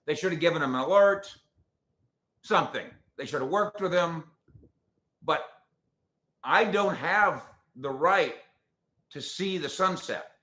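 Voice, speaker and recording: A man's voice: a little high, a little slow, long pauses, echoey room. A man hosting a casual sports talk show, ranting with strong opinions. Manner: opinionated, animated rants.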